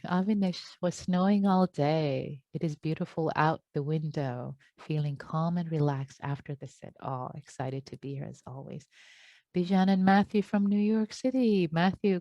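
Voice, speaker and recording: Woman, meditation teacher, low voice, dry close sound, video call, affectionate replies. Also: no echo, highs cut off. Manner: warm, affectionate responses to each attendee. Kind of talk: reading out chat check-ins.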